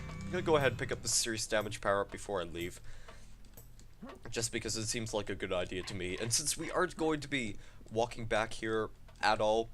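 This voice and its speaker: Lively young man commentating a shooter game. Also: fairly low pitch, normal speed. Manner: playful, excitable outbursts and mock-soothing asides. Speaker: gaming commentator. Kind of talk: casual let's-play commentary. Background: game music.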